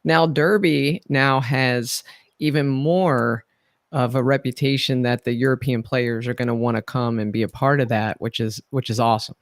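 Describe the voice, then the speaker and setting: A man's voice: mid-range voice, steady tone, moderate pace, no room sound. Male co-host, mid-range voice, upbeat and enthusiastic, dry recording. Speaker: podcast co-host. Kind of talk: casual podcast chat.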